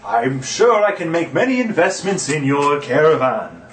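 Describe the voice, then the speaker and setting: A man's voice: on the high side, sing-song, normal speed, roomy sound, distant mic. A man voicing a courteous male trader who talks in a formal, sing-song way.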